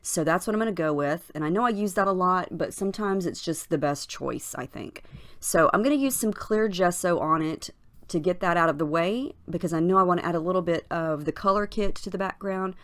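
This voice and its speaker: A woman with a scratchy morning voice, casually narrating her craft process in a chatty, unhurried voiceover with plenty of fillers. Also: on the low side. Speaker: crafting channel host. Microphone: voiceover recorded separately from the footage.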